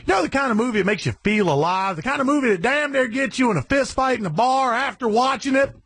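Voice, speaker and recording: A man's voice: extremely high pitch, animated, fast talker, husky, dry recording. Brash, profane man ranting on the radio. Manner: brash, profane, shouting bursts. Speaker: satellite radio host.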